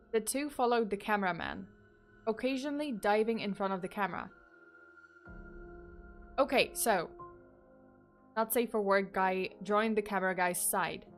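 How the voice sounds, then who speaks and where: A woman's voice: medium pitch, normal speed, long pauses, faint music behind. A woman streamer reading horror stories live who giggles often and breaks off into rambling asides. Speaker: streamer and storyteller.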